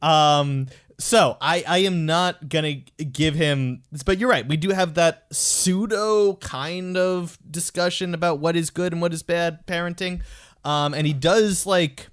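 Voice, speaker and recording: Higher-voiced man chatting on a podcast. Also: a little slow, a bit bright, clean tone. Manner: chatty, trails off and restarts. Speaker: podcast co-host. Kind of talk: casual podcast discussion.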